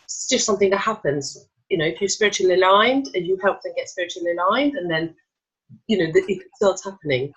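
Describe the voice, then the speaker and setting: A woman's voice: fairly low pitch, fast, fairly bright tone, breathy edge. A woman hosting an interview who asks long, searching questions, hesitating and restarting often. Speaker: host and spiritual practitioner. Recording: dull lo-fi sound.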